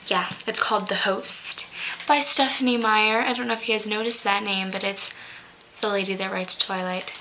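A teenage girl chats to her webcam in a bright, sharp voice. She is giggly and rambling, and often stops herself to fix a slip of the tongue. Faint noise sits under the recording. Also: medium pitch, fairly even intonation, moderate pace, low-quality recording. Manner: chatty, giggly, corrects her own slips. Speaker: vlogger. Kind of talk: casual chat to camera.

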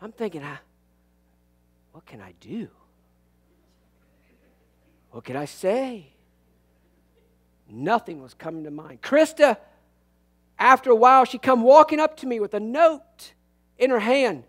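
A man preaching a sermon as pastor, animated and folksy, swinging from loud bursts to hushed tones and telling humorous stories. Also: very high-pitched, normal speed, long pauses.

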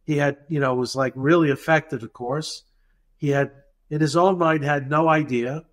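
A man's voice: fairly high pitch, normal speed. A man, a dental practice consultant, retelling an anecdote in a podcast interview and acting out the dialogue as he goes. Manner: animated, acts out dialogue in the retelling.

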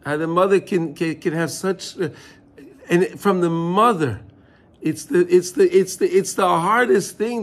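A man's voice: sits high, husky. A man teaching a Torah class, often repeating words and asking his listeners questions as he explains a text. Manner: repeats words, asks listeners questions, mixes Hebrew terms.

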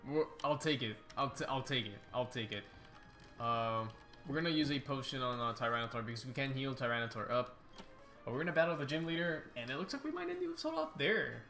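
A young man hosting a casual let's-play, excitable and rambling, often restarting his sentences. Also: mid-range voice, fast, faint music behind. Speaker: YouTube gaming host.

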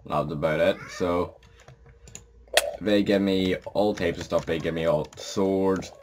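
Groggy, very deep-voiced male gamer. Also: steady tone, unhurried. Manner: rambling, casual, swears when startled. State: groggy morning voice, just out of bed. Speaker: gameplay commentator. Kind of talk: casual gameplay commentary. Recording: noisy home mic with keyboard clicking.

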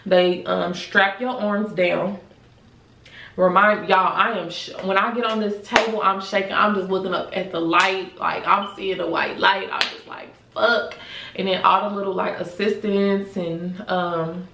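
A woman's voice: medium pitch, fairly even intonation, a little slow, vocal fry, a bit bright, far from the mic. A young woman telling a story in a casual vlog, candid and profane, saying "like" constantly. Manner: candid and profane, heavy filler "like". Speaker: vlogger. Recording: roomy echo, voice set back from the mic.

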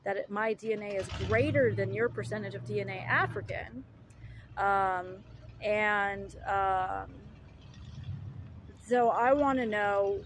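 A woman's voice: mid-range voice, takes it slowly, a little hiss or hum, rough recording. A woman delivering an indignant, argumentative monologue, full of rhetorical questions, fillers and restarts. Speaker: vlogger.

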